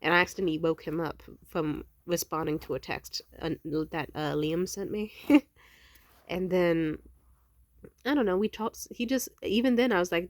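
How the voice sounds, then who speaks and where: A woman's voice: on the low side, normal speed, no echo, clean studio sound. A young woman telling a long personal story in a casual vlog, rambling and cursing, acting out both sides of the conversation. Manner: rambling, profane, animated quoting of others. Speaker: vlogger.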